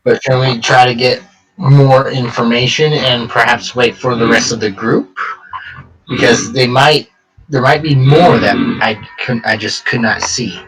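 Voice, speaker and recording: A man's voice: mid-range voice, steady tone, unhurried, a bit bright, lightly acted. A man voicing an invisible young woman adventurer, whispering urgently and stammering as he speaks. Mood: anxious pleading. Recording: distant mic, faint music.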